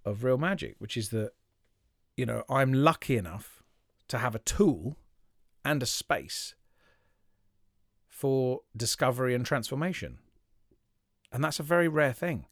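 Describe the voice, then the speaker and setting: A man's voice: mid-range voice, animated, no room sound. Guy musing on his podcast, lots of ums and restarts, dry close sound. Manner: thoughtful, halting, many fillers and restarts. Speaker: podcast host, magician. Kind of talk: reflective solo podcast talk.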